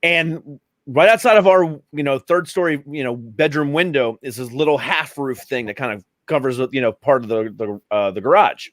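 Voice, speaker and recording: High-voiced middle-aged man, casual chat. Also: fairly bright tone, dry recording. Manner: rambling, swears casually, laughs often.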